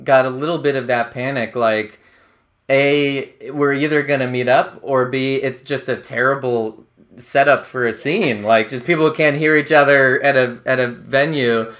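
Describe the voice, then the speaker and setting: Brief: male host, casual, halting delivery, mid-range voice. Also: medium pitch, fairly even intonation, fairly bright tone. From Pittsburgh area. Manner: hesitant, many fillers and restarts. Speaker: podcast host. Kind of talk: casual interview chat.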